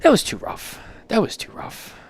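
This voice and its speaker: A man hosting a casual show, reading listener submissions aloud and reacting with loose, joking, profane commentary. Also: normal speed. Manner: loose, joking, swears freely, reads out and reacts. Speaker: podcast host.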